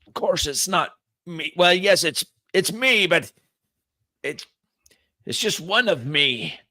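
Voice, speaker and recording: A man's voice: a little high, very animated, slow, sharp tone, no room sound, studio quality, pitched above the performer's own voice, heavily acted. A man voicing a frail, older male villain who speaks through a giant robot, menacing and gloating at thieves.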